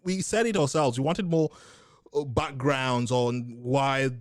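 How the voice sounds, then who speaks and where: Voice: medium pitch, slow pace, dry recording. A podcast co-host in casual chat, teasing with dry banter and laughing often.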